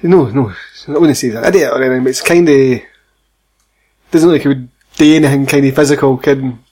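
Husky Scottish man, blunt chat. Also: mid-range voice, quick pace, darkish tone. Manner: blunt, swears casually. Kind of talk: casual film chat.

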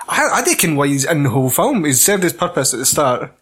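A man's voice: on the high side, fast, husky. A Scottish man in casual, sweary film chat, ranting and laughing. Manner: sweary, laughing, animated rants.

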